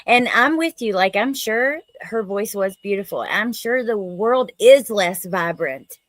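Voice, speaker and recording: A woman hosting a casual true crime chat, animated and outspoken, sometimes swearing. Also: mid-range voice, unhurried, no echo. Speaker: true crime podcast host. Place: home studio, livestream.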